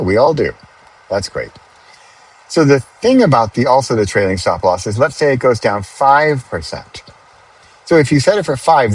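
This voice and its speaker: A middle-aged man hosting his own podcast, chatting casually and explaining things step by step with little asides, recorded in a car on the highway. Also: husky, low-quality recording. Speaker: podcast host. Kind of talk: casual solo monologue.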